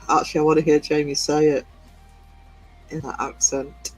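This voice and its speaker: A man's voice: fairly high pitch, little pitch movement, a little slow, darkish tone, breathy edge, low-quality recording. A man hosting a livestream, giggling as he reads out chat messages. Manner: giggly, reading chat aloud. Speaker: livestream host. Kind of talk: casual live-stream chat. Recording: faint music behind.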